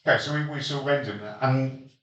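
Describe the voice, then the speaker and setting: A man's voice: mid-range voice, steady tone, brisk, a bit bright. A man hosting a casual podcast chat, leading the discussion with dry, teasing remarks and frequent chuckles. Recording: roomy, distant mic.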